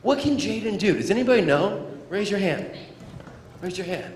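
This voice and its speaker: Motivational speaker, male, playful and high-voiced, heard in a reverberant hall. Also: animated, normal speed. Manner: playful, acts out scenes for children. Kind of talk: animated school assembly talk. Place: school gym or auditorium. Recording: echoey hall, faint crowd noise.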